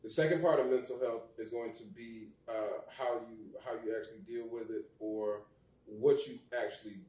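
A man hosts a relaxed interview with short replies and thoughtful follow-up questions. His voice is dark and mellow. He sits away from the mic in a roomy space. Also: medium pitch, moderate pace, far from the mic. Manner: brief backchannels and reflective follow-ups. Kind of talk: casual interview chat.

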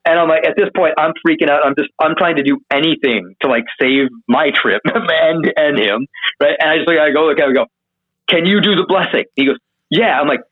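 Guest, male, higher voice, tells stories with lots of swearing and acted-out quotes; thin phone-line sound. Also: a little fast. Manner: animated, profane, acts out quotes in a higher voice. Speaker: interview guest. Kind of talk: casual storytelling.

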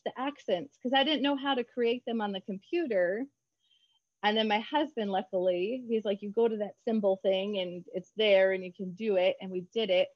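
A woman children's book author chatting in an interview, bubbly and quick to laugh. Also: medium pitch, no echo, muffled recording. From United States. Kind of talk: casual interview chat.

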